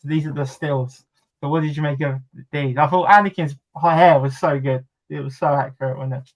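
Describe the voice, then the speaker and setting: Casting note: male host, slightly high voice, chatty, laughs easily. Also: fairly even intonation, normal speed, poor audio. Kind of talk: casual chat.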